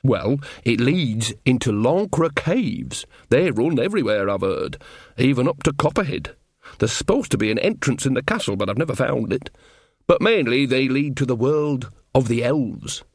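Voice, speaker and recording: Male reader doing a cheeky old witch lady, homely and blunt, very animated. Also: medium pitch, moderate pace, slightly rough, dry recording, clean studio sound. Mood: chatty, teasing. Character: bawdy old witch woman, cheerful and earthy.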